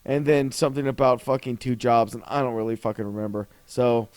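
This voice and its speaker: A man's voice: medium pitch, fairly even intonation, fairly quick, a little mellow, no room sound. A man co-hosting a podcast in casual chat, swearing often and rambling with laughs. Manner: profane, laughing, rambling banter. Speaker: podcast co-host.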